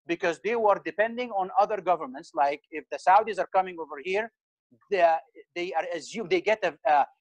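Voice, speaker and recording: A middle-aged man with an Arabic accent speaks at a dinner event, his voice sitting high for a man. He talks animatedly, laughs now and then and puts questions to the room. The sound is dry and close. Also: dry recording, rough recording. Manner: animated, laughs often, asks the audience questions. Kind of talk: informal talk with audience questions.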